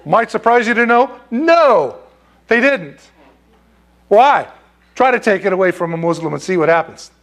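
A man's voice: high-pitched, big pitch swings, normal speed, long pauses, fairly bright tone. A man preaching a blunt, impassioned sermon, full of rhetorical questions, in an air-conditioned church. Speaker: pastor.

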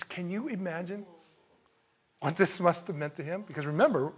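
A man preaching a verse-by-verse Bible sermon in an animated, colloquial way, with emphatic bursts. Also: high voice, normal speed, slightly rough. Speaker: pastor.

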